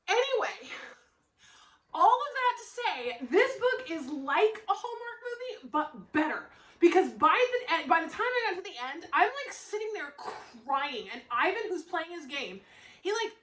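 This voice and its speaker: A woman book vlogger chatting casually, rambling into animated stories and laughing often. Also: high-pitched, echoey room, poor audio. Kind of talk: casual chat.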